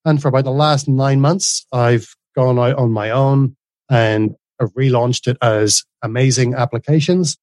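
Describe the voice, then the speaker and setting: A man in his forties with a softened Northern Irish accent blended with Australian, talking earnestly as an interview guest in long runs with frequent restarts. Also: mid-range voice, dry recording. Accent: softened Northern Irish, mixed with Australian. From Northern Ireland. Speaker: guest, course creator. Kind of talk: casual interview conversation.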